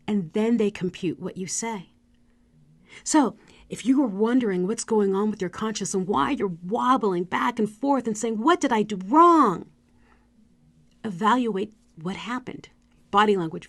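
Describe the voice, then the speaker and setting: A middle-aged woman, a speaker coach, giving an animated motivational talk with demonstrative asides. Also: medium pitch.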